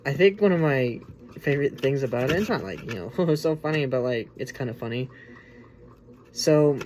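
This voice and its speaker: This is a man hosting a casual spoken movie review, rambling and informal, full of restarts and fillers like "like" and "you know." He speaks at a moderate pace in a mid-range, slightly mellow voice. There's a little hiss or hum in the recording.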